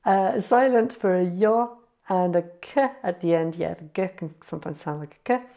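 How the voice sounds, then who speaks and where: Woman, casual home tutorial host, slightly low voice, self-correcting, muffled lo-fi sound. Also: gravelly. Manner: chatty, self-correcting, spells out letters slowly. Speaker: language learner sharing words.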